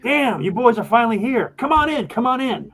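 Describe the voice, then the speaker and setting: A man's voice: high-pitched, animated, normal speed, darkish tone, voice pushed up. A man voicing a brash, jovial teenage male leprechaun who leads a band. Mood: welcoming. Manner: jovial, laughing, pushy host.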